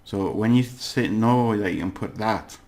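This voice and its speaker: A man walks through a language lesson in a relaxed, chatty way. His voice sits low and he takes his time, often stopping to fix his own slips with a laugh. It sounds like a casual home-made class. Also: unhurried. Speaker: language teacher.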